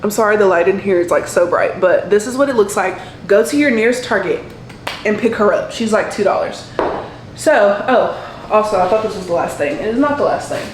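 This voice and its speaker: A young woman talks casually to her viewers, rambling and filling pauses with "like" and "um." Her voice sits at a mid pitch, and the recording has an echoey room sound. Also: lively intonation, a little hiss or hum. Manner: rambling, heavy use of "like" and "um". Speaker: nursing student vlogger. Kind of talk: casual chatty vlog.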